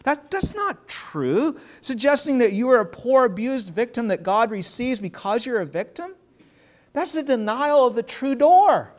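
A man's voice: very high voice, sing-song, a little slow. A man preaching a sermon in an earnest, emphatic way, drawing out key words and repeating himself as he restarts.

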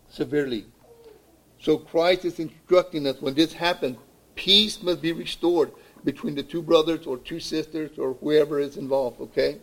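Pastor preaching, fairly high voice. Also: male voice, poor audio. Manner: repeats "okay?" to check in with listeners; repeats words while building a point. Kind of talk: sermon.

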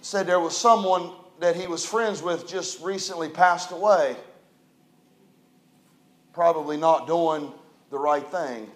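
High-voiced preacher in an echoey church. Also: male voice, takes it slowly, pauses often. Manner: preaching with swings from quiet storytelling to loud emphatic rises. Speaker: pastor. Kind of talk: sermon. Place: church hall.

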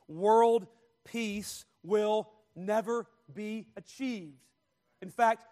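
High-voiced man preaching a sermon. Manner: preaching with slow, stressed phrases and wide swings in loudness. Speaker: pastor.

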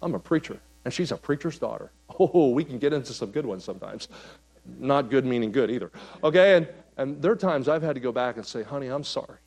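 A male pastor preaching a sermon, telling stories and swinging between loud, animated passages and soft, quiet ones. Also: mid-range voice, a little fast.

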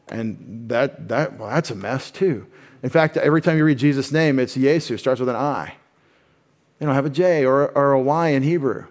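A man's voice: medium pitch, moderate pace, darkish tone. A male pastor preaching an expository sermon, talking conversationally with wry asides and frequent self-corrections.

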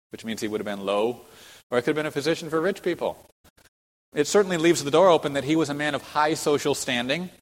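A man teaching a Bible lesson as a sermon, explaining the passage step by step, reading quotes aloud and pointing to a map. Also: medium pitch. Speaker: preacher teaching a Bible study. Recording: long hall reverb.

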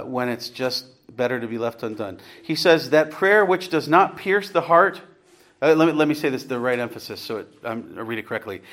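A man's voice: medium pitch, fairly bright tone. A man preaching an earnest, conversational sermon, rising to emphatic points and putting questions to his congregation. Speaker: pastor.

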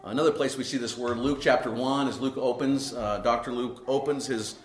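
A man's voice: mid-range voice, steady tone, fairly quick, a little hiss or hum. A man preaching an expository sermon as pastor. He talks emphatically, repeats key words and keeps asking "right?" as he explains a passage. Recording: echoey room.

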